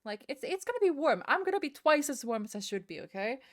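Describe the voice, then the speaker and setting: A woman with a high, sing-song voice talks fast during live-streamed gameplay commentary from her room. She rants in exasperation, swearing and repeating herself, with a desk mic at her computer picking her up.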